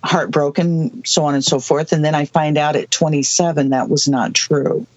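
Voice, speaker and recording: A person in their sixties from the US Southwest, telling a personal story as an interview guest, halting, with many restarts and asides. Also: mid-range voice, fairly even intonation, no room sound. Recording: dull lo-fi dry recording.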